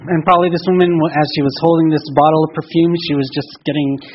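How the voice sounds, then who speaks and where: A man interpreting a sermon line by line, with a voice a bit higher than most men's. He retells it in a relaxed way and lightly acts out the quotes. The sound is dull and lo-fi. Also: quick pace.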